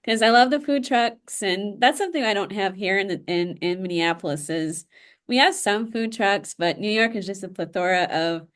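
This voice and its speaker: A woman's voice: medium pitch, normal speed, fairly bright tone. Female interviewer, chatty and eager, mid-range voice. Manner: enthusiastic, chatty. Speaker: interview host. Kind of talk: casual interview chat.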